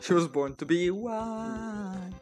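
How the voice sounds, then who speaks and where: A woman teases her co-player in casual gaming chat, her pitch swinging widely as she talks. She laughs often, and faint game music plays behind her. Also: expressive, slow pace, darkish tone. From Serbia. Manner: teasing, playful, laughs often.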